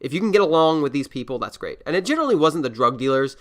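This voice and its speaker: A man's voice: a little high, sing-song, racing. A man hosting a casual reaction podcast, rambling and swearing freely. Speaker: podcast host.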